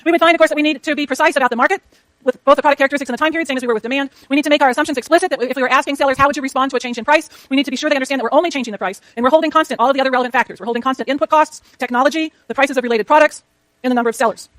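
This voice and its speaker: A woman lecturing a university economics class, rushing through clicker questions and talking to herself as she works her slides. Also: sits high, a bit bright, no room sound. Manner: rapid, chatty, self-talk while working slides. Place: lecture hall.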